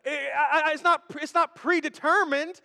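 A man's voice: very high voice, fairly even intonation, normal speed, creaky, sharp tone. A male pastor preaching a sermon on a church stage, in a playful, conversational way, joking with the congregation. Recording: echoey hall with long reverb.

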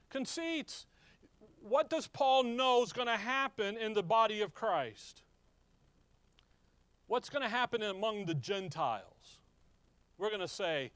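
A man with a fairly high voice preaches a Bible sermon, asking question after question and answering it himself. He stretches key words out slowly and swings between loud, punchy bursts and low, quiet asides. The sound is close and dry. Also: lively intonation, no echo. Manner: asks the congregation questions and answers them himself; slows down heavily on key words.

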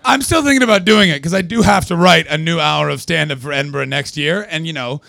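A young Canadian man doing live stand-up at a small festival venue, profane and sarcastic, riffing with the crowd and breaking into yelled punchlines. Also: a little high, quick pace, creaky, no echo. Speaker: stand-up comedian.

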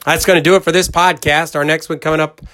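A man's voice: on the high side, level tone, quick pace, bright, forceful tone. A middle-aged man hosting a college football podcast in a folksy, rambling way, talking straight to his listeners with plenty of emphasis. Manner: folksy, rambling storyteller who acts out quoted voices. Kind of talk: casual podcast chat.

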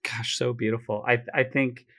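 A man hosting a podcast interview, speaking in an effusive, halting way with many restarts. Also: mid-range voice, little pitch movement, a bit bright. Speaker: podcast host.

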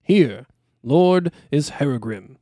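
A man's voice: on the high side, expressive, slow, dark tone, dry recording, clean studio sound. A man voicing a loyal royal servant presenting a sword to his king. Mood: formal. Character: loyal male royal doorward, formal.

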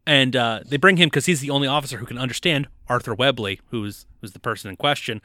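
A man co-hosts a podcast and walks through a film's plot in relaxed, joking chat. His tone is bright and forward. The sound is close and dry, with no room around it. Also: mid-range voice, fast, dry recording. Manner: relaxed, jokey plot recap with frequent laughs. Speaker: podcast co-host. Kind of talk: casual chat recapping a film.

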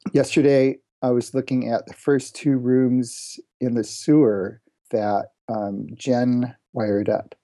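A man's voice: on the low side, dark tone. A man giving a plain, matter-of-fact progress report in a casual team meeting about game development.

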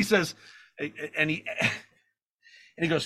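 A man with a bright, fairly high voice tells a story during a conversation. He is animated and swears freely, and he voices the other people in the anecdote as he goes. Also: moderate pace, pauses often. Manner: animated, profane, acts out the people in his stories. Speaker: guest filmmaker.

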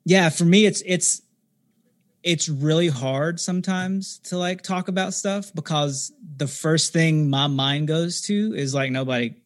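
A man in his thirties chatting on a podcast as a guest. His voice sits a little high for a man, and his speech comes in halting bursts full of fillers and restarts. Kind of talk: casual conversation.

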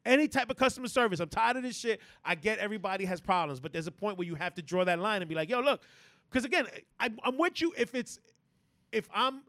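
A man with a fairly high voice rants in a casual podcast chat, swearing freely and tripping over his restarts. The sound is dry and close to the mic. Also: expressive, fast talker, pushed and bright, no echo. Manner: profane, emphatic ranting with stammered restarts. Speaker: podcast co-host.

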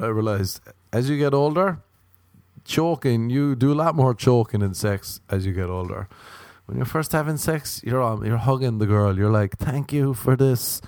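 Dry-voiced deadpan male comedian. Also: mid-range voice, no room sound. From Ireland. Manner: deadpan, dry repetition, acted-out mocking quotes. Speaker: stand-up comedian. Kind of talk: stand-up comedy routine.

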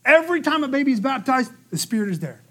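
A man preaching a sermon, telling the story lively and acting out the quotes, with a frequent "okay?" to the room. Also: very high-pitched, quick pace. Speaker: pastor.

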